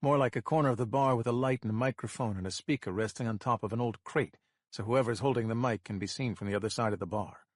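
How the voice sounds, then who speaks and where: Male narrator for a suspense audiobook; even, tense delivery, dry close recording. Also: medium pitch, fast talker, no room sound.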